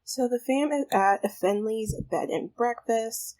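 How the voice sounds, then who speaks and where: A woman's voice: fairly high pitch, takes it slowly, warm tone. A woman hosting a life-sim game playthrough, talking through it in a bubbly, chatty way. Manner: bubbly, chatty, lots of fillers. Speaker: gaming video host. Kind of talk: casual let's play commentary.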